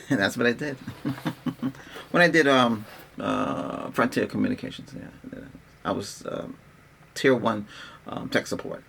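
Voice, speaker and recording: Bright-voiced man ranting casually. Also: mid-range voice, slow pace, gravelly, pauses often, slight background noise. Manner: rambling, exasperated, restarts often. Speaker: tech vlogger.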